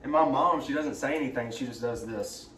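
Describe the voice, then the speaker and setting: A man's voice: mid-range voice, a little fast, fairly bright tone. A young man, chatting casually while cooking and telling rambling stories full of "like". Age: young adult. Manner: rambling storyteller, lots of "like". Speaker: vlog co-host. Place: home kitchen. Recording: echoey room, distant mic, noisy.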